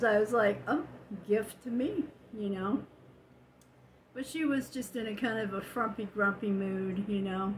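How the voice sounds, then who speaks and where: A woman's voice: fairly high pitch, slight background noise, poor audio. An older woman casually chatting at home as a vlogger, telling stories and laughing often. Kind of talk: casual chat.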